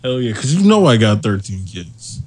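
A man's voice: fairly low pitch, big pitch swings, moderate pace, a little mellow, slightly rough, no room sound. A man hosting a podcast, talking in loose, profane, jokey banter and laughing easily. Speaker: podcast host. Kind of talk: crude casual podcast banter.

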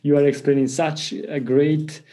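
A man's voice: on the high side, little pitch movement, a little slow, mellow. A man interviewing a guest, giving polite, supportive replies. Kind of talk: conversational interview.

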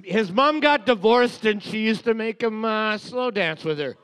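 A man's voice: high voice, animated, a little slow, a bit bright, smooth. An English man co-hosting a quiz, sardonic and sweary, laughing often. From England. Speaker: co-host. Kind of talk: casual banter.

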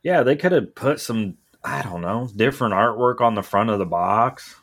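A man's voice: mid-range voice, animated, moderate pace, fairly bright tone. A man co-hosting a casual podcast who talks in an offhand way and trails off mid-sentence. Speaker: podcast co-host.

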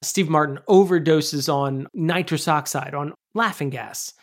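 A podcast co-host talks in casual, animated conversation with a mid-range voice. The delivery is emphatic, with casual swearing. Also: medium pitch, unhurried. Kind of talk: casual chat.

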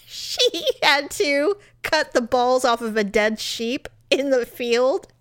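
A woman's voice: sits high, slow pace, few pauses, fairly bright tone. A woman co-hosting a casual chat show, blunt and profane, acting out the people she quotes. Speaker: podcast co-host.

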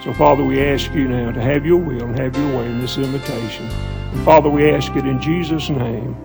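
A man preaching an earnest altar call and then praying in a soft, slow, pleading voice. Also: medium pitch, fairly even intonation, gravelly, music in the background. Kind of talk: sermon altar call and prayer.

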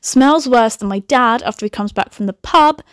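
A woman's voice: a little high, normal speed, no room sound, clean studio sound. Giggly young woman reading her own story. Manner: chatty, giggly, swearing asides. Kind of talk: comic reading with running commentary.

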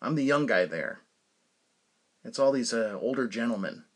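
A man in his forties hosts his own podcast and talks alone in a loose, rambling way. His pitch swings widely as he tells a story, and he fills the gaps with "like" and "you know" and laughs at his own tales. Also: normal speed. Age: 40s. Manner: rambling, animated storytelling with frequent fillers and laughs. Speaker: podcast host. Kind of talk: casual solo monologue.

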